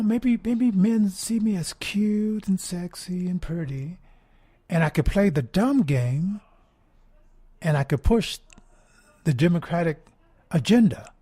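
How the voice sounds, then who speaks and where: A man's voice: fairly high pitch, darkish tone. A man hosting a political talk radio show, rambling, repeating words and asking "right?" again and again. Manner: mocking put-on voices when quoting. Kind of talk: political commentary monologue.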